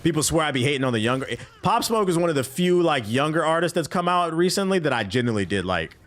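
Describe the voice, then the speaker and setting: A man's voice: fairly high pitch, animated, quick pace, a bit bright. A man streaming a game, chatting casually with his chat in loose, profane slang. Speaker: gaming streamer. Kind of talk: casual live-stream commentary while playing.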